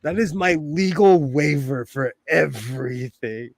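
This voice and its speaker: A man's voice: fairly high pitch, unhurried, no room sound. A man from the United States hosting a casual sewing live stream, chatty and playful, laughing often as he talks to viewers from his home sewing room. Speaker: sewing livestream host.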